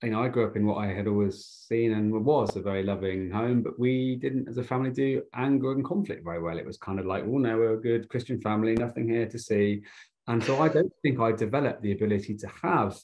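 A man hosting an online event, calmly moderating questions and sharing a reflective personal story over a video call. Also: medium pitch, fast talker, few pauses.

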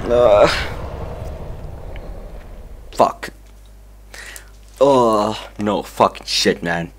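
A young man playing a horror game, swearing constantly, panicking and yelling at enemies, then muttering nervously. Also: mid-range voice, lively intonation, moderate pace, noisy background. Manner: profane, jumpy, yelling in panic. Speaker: let's play gamer.

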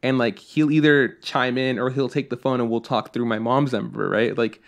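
A young man co-hosting a podcast, telling a story in a casual, animated way, swearing and acting out what people said. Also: mid-range voice, moderate pace, vocal fry. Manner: animated, swears a lot, acts out quotes. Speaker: podcast co-host.

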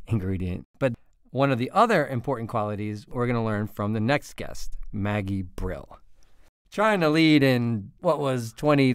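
A man's voice: medium pitch, smooth, no echo, studio quality. A man hosting a podcast, speaking in an earnest, reflective way and leading into the next guest. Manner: earnest, reflective, leads the segments. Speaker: podcast host.

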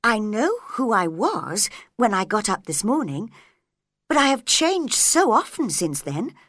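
A woman's voice: on the high side, big pitch swings, a little slow, fairly bright tone, dry recording, studio quality, heavily acted. A woman voicing a polite, puzzled little girl in a storybook reading, earnest and courteous.

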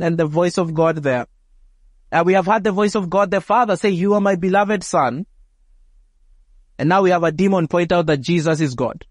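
A man preaching from the pulpit in a high, clear voice, close and dry on the mic. He speaks emphatically, stacking phrases and repeating words as he drives each point home. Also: no echo. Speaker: pastor. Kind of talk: sermon. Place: church.

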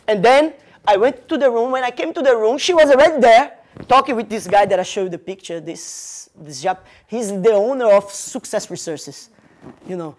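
A man from Brazil speaks English with a Brazilian Portuguese accent as a motivational speaker. He tells a story to a live audience in an animated way, chaining events with "and then" and acting out the dialogue. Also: high voice, normal speed.

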